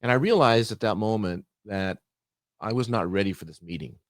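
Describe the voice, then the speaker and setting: Speaking at a moderate pace in a lowish voice, a middle-aged man recounts a work story as a podcast guest. He tells it with animation in a casual chat, voicing both people in the dialogue. There's no room sound, just clean studio audio.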